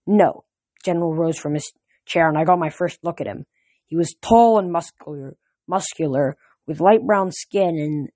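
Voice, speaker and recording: A reader narrating a fantasy novel in first person, in the manner of a home audiobook. The reader stumbles now and then and restarts words, but keeps a steady storytelling voice. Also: medium pitch.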